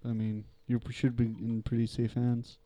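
A man's voice: mid-range voice, completely flat delivery, normal speed, dark tone. A man playing a tabletop role-play game with friends, joking and laughing. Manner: jokey, laughing. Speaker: player.

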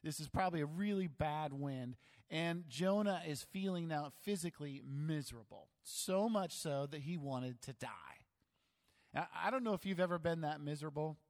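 A man's voice: on the high side, normal speed, big-room sound. A man preaching a sermon in a casual, conversational way, with self-deprecating humor. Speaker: pastor.

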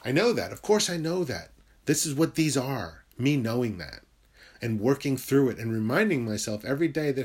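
A man in a middle register talks straight to the camera in a rambling, confessional way. He swears freely and is openly emotional, flaring into loud, heated bursts and then dropping to low muttering as he works through his thoughts. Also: big pitch swings, normal speed, husky. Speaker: self-help video maker and writer.

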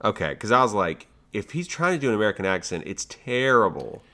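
A man's voice: fairly low pitch, big pitch swings, fairly quick, pushed and bright. A man co-hosting a podcast, chatting casually about movie trailers with jokey, sarcastic asides. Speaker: podcast co-host.

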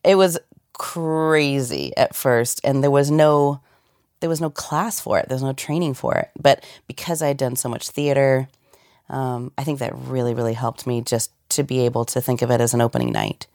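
A woman's voice: extremely low pitch, expressive, moderate pace, a little mellow, no echo, clean studio sound. A woman voice actor with a cold, chatting animatedly in an interview and laughing often. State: has a cold. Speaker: voice actor guest. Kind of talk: casual interview chat.

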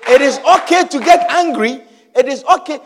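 A man preaching a sermon with emphatic repetition and sudden shouted lines. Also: extremely high pitch, animated, normal speed, long reverb tail, crowd noise, background noise. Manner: emphatic, repeats phrases, bursts into shouts.

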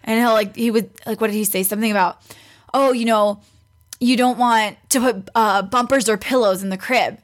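Young pregnant woman, bit high voice, chatty, does little voices for people in her story. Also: fairly even intonation, normal speed. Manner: chatty, acts out quoted voices, laughs often. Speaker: guest. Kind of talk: casual storytelling.

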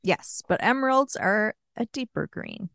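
A young woman co-hosting a podcast, sharing facts in a laid-back, steady way. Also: medium pitch, unhurried, vocal fry, no room sound, clean studio sound. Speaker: podcast co-host. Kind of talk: casual chat, sharing facts.

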